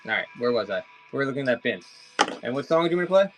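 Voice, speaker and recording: A man's voice: mid-range voice, expressive, quick pace, music in the background, low-quality recording. A man chatting casually with viewers during a live auction stream, rambling and addressing them by name.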